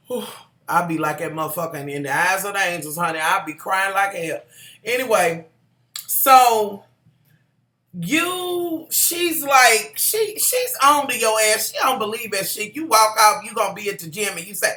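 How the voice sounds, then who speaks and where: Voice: medium pitch, a little slow. Sassy, profane reviewer. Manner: sassy, profane, animated storytelling. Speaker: TV show reviewer. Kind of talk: casual ranting recap. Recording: echoey room.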